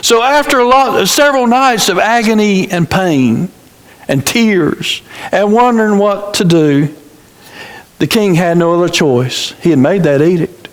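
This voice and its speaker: A man's voice: high-pitched, a little slow. A male pastor preaching a sermon in a church sanctuary, telling a dramatic story, repeating phrases and restarting his words. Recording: reverberant church hall.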